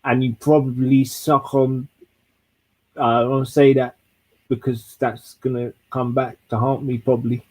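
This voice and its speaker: A man's voice: medium pitch, little pitch movement, measured pace, low-quality recording. A man from London throwing crude, swear-heavy freestyle insults in a trash-talk battle.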